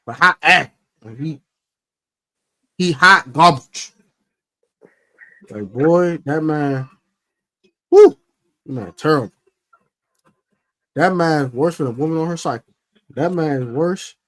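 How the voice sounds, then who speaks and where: A man hosting a casual football podcast, brash and excitable, trash-talking teams and players. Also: a little high, takes it slowly, pauses often, no echo. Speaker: podcast host. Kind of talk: casual sports podcast chat.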